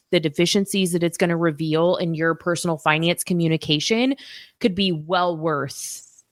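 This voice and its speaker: A woman's voice: lowish voice, no room sound, clean studio sound. A woman co-hosting a podcast as a financial planner, speaking in a thoughtful, advisory way. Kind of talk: casual chat.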